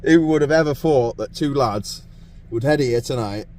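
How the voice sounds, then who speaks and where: A man's voice: mid-range voice, moderate pace, far from the mic, a little hiss or hum. A man vlogging while fishing outdoors at night, joking, laughing often and talking to the camera. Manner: jokey, laughing often, excitable. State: cold. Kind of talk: casual outdoor chat to camera.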